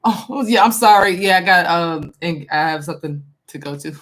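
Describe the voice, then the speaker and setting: A woman's voice: fairly low pitch, normal speed, fairly bright tone. Chatty woman doing tarot readings. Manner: chatty, many fillers, reads viewer comments aloud. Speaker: tarot reader. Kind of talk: casual live-stream tarot reading.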